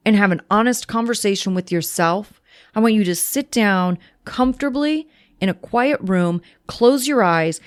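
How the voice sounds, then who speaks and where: A woman hosting a sobriety podcast, talking bluntly and with emphatic repetition, giving tough love and swearing freely. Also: mid-range voice. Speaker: podcast host, sobriety coach. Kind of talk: direct motivational talk.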